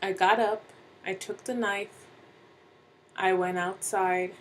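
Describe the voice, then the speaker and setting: Slow, deliberate woman storyteller. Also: medium pitch, steady tone, slight background noise, low-quality recording. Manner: slow and deliberate, with dramatic pauses. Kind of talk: first-person dramatic story narration.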